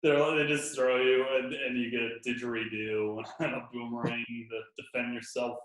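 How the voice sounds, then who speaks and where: A man's voice: medium pitch, flat delivery, moderate pace, fairly bright tone. Casual male podcast host, jokey and loose, recorded in a roomy space. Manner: laid-back, joking, lots of fillers. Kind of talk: casual chat.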